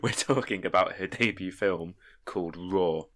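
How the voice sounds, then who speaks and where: A young man with a very deep voice co-hosting a relaxed podcast chat. He laughs easily and often stumbles and repeats himself while explaining. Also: moderate pace, no echo, studio quality. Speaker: podcast co-host. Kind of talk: casual chat.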